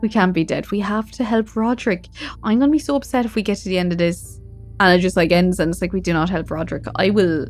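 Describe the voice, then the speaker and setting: A woman hosting a gaming channel, reading game text aloud and reacting excitedly and emotionally. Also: on the low side, fast. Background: faint game music.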